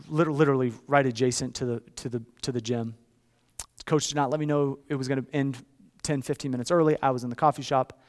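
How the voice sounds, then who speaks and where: A man in his thirties preaching a sermon, with a storytelling delivery that swings from hushed to loud. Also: medium pitch. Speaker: pastor.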